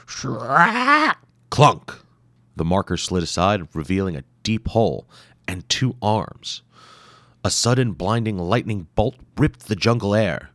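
A man's voice: deep voice, no room sound. A man narrating an adventure story dramatically, acting out the sound effects himself.

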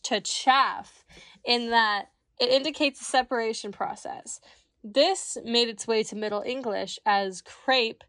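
Casting: giggly woman co-host from Kansas, higher voice, dry close mic, swears freely. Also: a bit bright, no room sound. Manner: giggly, swears freely, stumbles over words. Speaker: podcast co-host. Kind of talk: casual chat, reading etymology notes.

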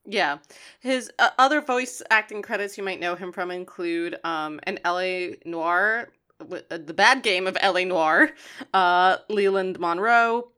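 Woman, podcast co-host, casual chat, lower voice, many ums. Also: a little slow, sharp tone, clean tone.

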